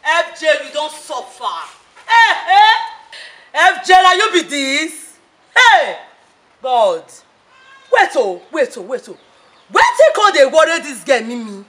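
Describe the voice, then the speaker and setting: A woman's voice: sits high, very animated, slow pace, long pauses, exaggerated voice. A woman playing a fiery scolding Nigerian mother. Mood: alarmed. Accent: Nigerian Pidgin English. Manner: scolding, loud Pidgin. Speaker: actor. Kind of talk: Nollywood movie acting.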